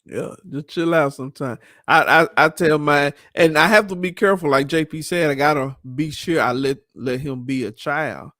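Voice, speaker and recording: A man's voice: fairly high pitch, moderate pace, hardly any pauses, pushed and bright, no echo, studio quality. A man in his thirties co-hosting a casual talk show, reflective and easygoing, laughing often. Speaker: podcast co-host. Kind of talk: casual chat.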